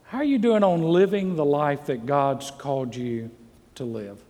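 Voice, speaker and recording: A middle-aged pastor preaches to his congregation with earnest, repeated rhetorical questions. His voice sits a little high for a man. The church hall rings with a long reverb. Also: a little slow, darkish tone. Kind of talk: sermon. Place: church sanctuary. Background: congregation calls amen.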